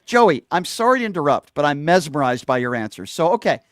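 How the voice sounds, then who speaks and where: Combative high-voiced male radio host. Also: very animated, brisk, fairly bright tone, dry recording. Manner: combative, insulting, repeats questions. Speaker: radio talk show host. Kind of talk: heated call-in argument.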